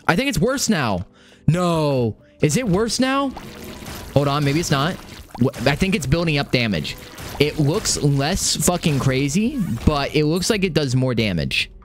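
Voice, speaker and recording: A young man giving casual live gameplay commentary, excitable and swearing often, repeating phrases under pressure. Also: on the high side, a little slow, faint music behind. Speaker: gaming streamer.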